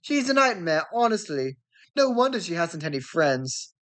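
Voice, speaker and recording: A woman's voice: lowish voice, big pitch swings, normal speed, fairly bright tone. A woman voicing a grumpy teenage schoolboy with a sulky, scornful manner.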